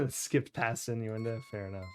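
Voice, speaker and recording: Wry, low-voiced woman streamer. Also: normal speed, a little mellow. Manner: wry, amused and teasing. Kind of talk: casual game commentary.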